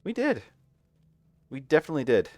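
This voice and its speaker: A man chatting casually with his wife while they play an online game at home, making wry deadpan jokes. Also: fairly high pitch, brisk, dry recording. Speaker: gamer playing with his wife. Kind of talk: casual let's-play chat.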